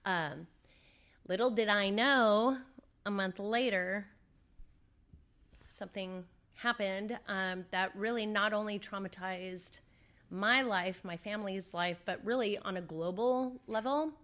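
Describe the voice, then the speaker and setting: A woman's voice: medium pitch, slow pace, fairly bright tone. A middle-aged woman speaks as an interview guest, telling a personal story in a loose, conversational way. She leans on fillers and plays back the words people said at the time. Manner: conversational, with fillers and re-enacted dialogue.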